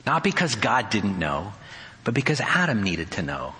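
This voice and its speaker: A male pastor delivering a sermon in a conversational, animated way, with touches of wry humor. His voice is bright and forceful. It carries the long reverb of a church sanctuary. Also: fairly low pitch, normal speed. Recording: hall reverb.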